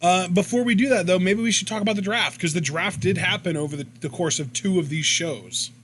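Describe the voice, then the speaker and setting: A man co-hosting a casual wrestling commentary podcast, chatting in a relaxed way and laughing easily. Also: high-pitched, fairly quick, a little hiss or hum. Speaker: podcast co-host.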